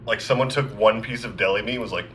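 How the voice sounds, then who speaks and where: A man's voice: fairly low pitch, fast talker, a crowd in the background. A young man co-hosting a podcast, telling a story in casual chat with lots of swearing and acted-out voices. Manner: animated, swears a lot, acts out voices in anecdotes. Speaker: podcast co-host.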